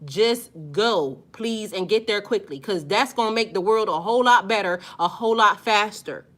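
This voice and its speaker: A woman's voice: medium pitch, normal speed, fairly bright tone. A woman who works as a spiritual life coach, talking casually and bluntly to viewers, emphatic and profane, stretching out her stressed words. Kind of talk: casual unscripted video talk to viewers.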